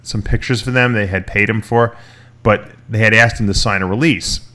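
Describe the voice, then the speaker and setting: A man's voice: fairly low pitch, fairly even intonation, moderate pace, pushed and bright. A man hosting a casual talk show, telling a long story with restarts and quoted voices. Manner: rambling, retells stories with quoted voices, many restarts. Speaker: podcast host.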